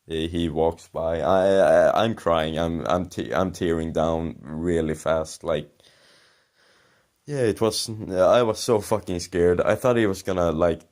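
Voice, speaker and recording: A man's voice: sits low, a little mellow. A young man casually telling a rambling, sweary story about himself, laughing at his own embarrassment. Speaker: commentary channel host.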